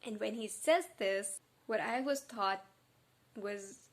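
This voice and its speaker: A woman's voice: mid-range voice, slow pace. A young woman chatting emotionally in a reading vlog, gushing and close to tears. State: tearful. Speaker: book vlogger. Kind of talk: casual reading vlog chat.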